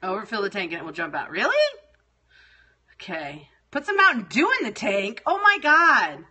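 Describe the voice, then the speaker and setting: Bright-voiced profane woman livestreaming. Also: mid-range voice, sing-song, moderate pace, slightly rough. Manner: exasperated, profane, scattered. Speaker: livestream host. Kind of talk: casual livestream chat with viewers.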